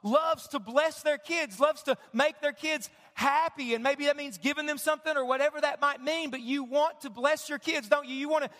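A male preacher with a notably high, bright voice delivers an animated sermon. He calls on the congregation to repeat after him and answer back. His voice rings with a long reverb through a church sanctuary. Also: normal speed, few pauses. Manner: animated, call-and-response with the congregation. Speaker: pastor.

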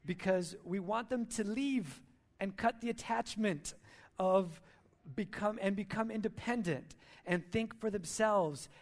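A man's voice: sits high, a little slow. A man giving a sermon at church, telling stories in an earnest, heartfelt way. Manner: earnest, storytelling. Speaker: church speaker.

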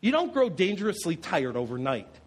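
Husky, animated male preacher. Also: on the high side, poor audio. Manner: expressive preaching with rhetorical questions and dramatic pauses. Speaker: pastor. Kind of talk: sermon.

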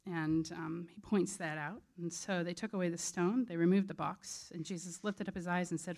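A woman's voice: on the low side, steady tone, normal speed, hardly any pauses, a little mellow. A woman preaching a sermon in an earnest, conversational way.

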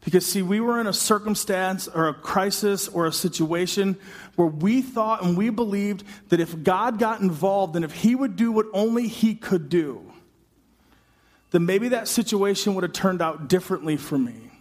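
A man with a high voice delivers a sermon from a church stage, retelling the story and slipping into its characters' voices. His words carry a long reverb from the hall around him. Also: normal speed. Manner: dramatic, acts out voices, builds to shouting. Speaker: pastor.

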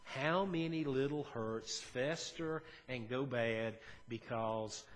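A pastor delivers a sermon in an earnest, conversational style, shifting between quiet and emphatic passages. His voice is medium in pitch and his pace is slow.

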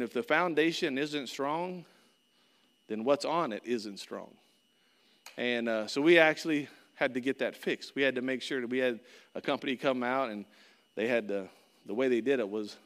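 A man's voice: mid-range voice, moderate pace, fairly bright tone. Earnest preaching man in a reverberant hall. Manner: earnest, conversational preaching with repeated phrases. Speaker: pastor. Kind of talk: sermon.

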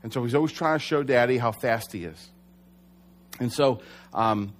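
A man's voice: mid-range voice, moderate pace, long pauses. Young male pastor, mid-range voice, earnest, chatty sermon delivery. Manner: conversational, earnest, with self-corrections.

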